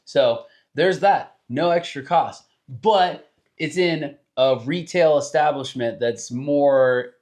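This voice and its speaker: A young man talking as a podcast guest in a relaxed, slangy way, tossing in bro and man. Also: on the high side, slow pace. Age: young adult. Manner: laid-back slangy talk, says bro and man. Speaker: podcast guest, roofer and rapper. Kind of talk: casual podcast chat.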